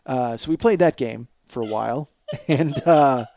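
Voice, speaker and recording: A man's voice: medium pitch, a little slow, background noise. A man in his forties telling a long personal story in a casual, profane way, often laughing as he talks. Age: 40s. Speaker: podcast storyteller.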